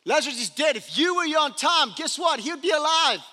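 A man's voice: extremely high pitch, animated, a little fast, bright, forceful tone, long reverb tail, pitched above the performer's own voice, heavily acted. A man quoting a grieving sister in his sermon, voicing her as emphatic and accusing. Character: grieving woman, accusing and tearful.

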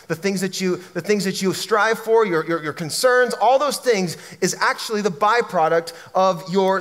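An earnest man preaches to his congregation, his voice sitting notably high for a man. He drives each point home with emphatic repetition, and a long reverb from the large hall trails behind his words. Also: a bit bright. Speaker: pastor. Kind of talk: sermon.

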